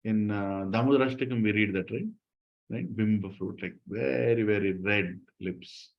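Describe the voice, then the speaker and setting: A man teaching a devotional scripture class, telling the stories in an animated way and laughing often. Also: fairly low pitch, normal speed, gravelly. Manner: animated storytelling with frequent laughter. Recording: dull lo-fi recording.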